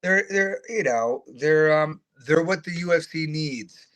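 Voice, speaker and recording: A middle-aged man, a retired fighter, telling animated, profane, self-mocking stories in a casual interview and acting out the voices of others. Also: fairly high pitch, a little slow.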